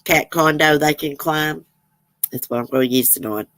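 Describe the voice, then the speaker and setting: A woman's voice: sits low, steady tone, moderate pace, a bit bright, no echo. A woman, chatting casually as a livestream host, reading viewer comments and rambling with frequent laughs.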